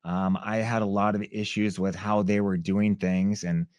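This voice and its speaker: A man's voice: on the low side, normal speed, no room sound. A man, a former fighter, telling a story as a podcast guest and acting out the voices of the people in it. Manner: lively storyteller who acts out other people's shouts. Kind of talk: animated storytelling in a conversation.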